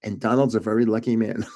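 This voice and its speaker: A man's voice: on the low side, a little fast, bright, forceful tone. An older man hosting his own channel, telling rambling backstage anecdotes in a casual, chatty way and chuckling at his own jokes. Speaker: channel host. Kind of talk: casual storytelling.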